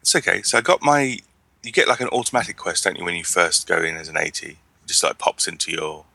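A man's voice: low-pitched, expressive, fast, gravelly, sharp tone. A man co-hosting a casual podcast chat, wry and rambling, with frequent restarts. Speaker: podcast co-host.

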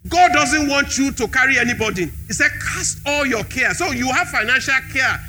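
A man's voice: very high voice, animated, normal speed, bright, forceful tone, soft background music. A man preaching a sermon in a church hall, repeating key phrases with emphasis.

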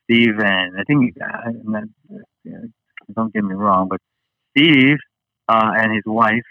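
A man's voice: fairly low pitch, slow, no echo, narrow, tinny audio. A man from Hawaii, a guest chatting casually and rambling with many fillers and restarts. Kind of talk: casual interview chat.

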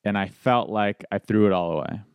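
Comedian telling a story on a podcast: a low-voiced man, animated, acts out the voices in it. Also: a little fast, clean tone, no echo, studio quality. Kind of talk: casual storytelling chat.

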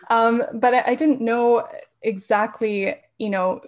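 A woman who is a podcast guest in a casual interview, talking fast and laughing often. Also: a little high, steady tone. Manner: talks fast with frequent laughs.

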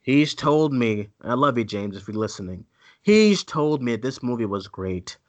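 On a laid-back film podcast, this co-host launches into animated rants and mimics voices mockingly. His pitch is medium and his pace moderate.

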